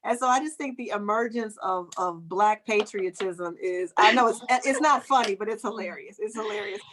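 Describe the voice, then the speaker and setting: A woman's voice: medium pitch, normal speed, a crowd in the background. A woman talking animatedly in a casual podcast chat, often laughing and acting out quoted voices. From United States. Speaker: guest author and comedian.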